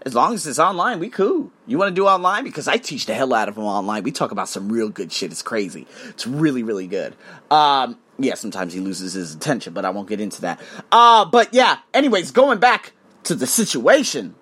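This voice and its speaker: A man's voice: medium pitch, brisk, slightly rough. A man who works as an English tutor, ranting casually to his viewers, swearing a lot and acting out conversations. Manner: animated, swears often, acts out conversations. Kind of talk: casual rant to camera. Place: living in Thailand.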